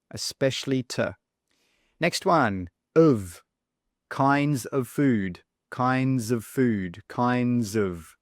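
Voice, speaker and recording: Slow, deliberate male English teacher. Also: medium pitch, darkish tone, no room sound, clean studio sound. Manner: slow, deliberate, repeats words for the learner. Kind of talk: online lesson.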